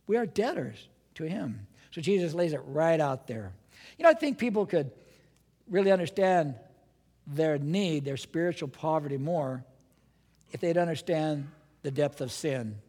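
A man preaches with a high, bright voice, lively and dramatic, firing rhetorical questions at the congregation. His voice rings out with the long reverb of a large church hall. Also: unhurried, slightly rough. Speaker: pastor. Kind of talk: sermon.

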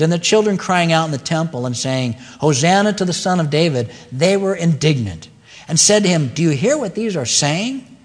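Male pastor, earnest preacher, slightly high voice, long church-hall reverb. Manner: earnest preaching with emphatic repeated phrases. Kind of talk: sermon.

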